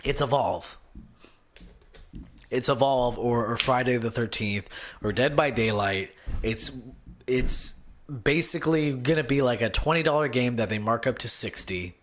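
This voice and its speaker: Man, young adult, solo gaming podcast host, casual, rambling, excitable, mid pitch. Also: a little slow, slight background noise. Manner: rambling, excitable, swings from mumbling to loud outbursts.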